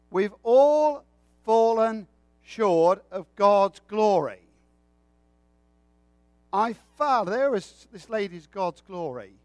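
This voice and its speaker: A man's voice: high voice, darkish tone, dry recording. A man preaching a sermon with a folksy, joking way of telling stories.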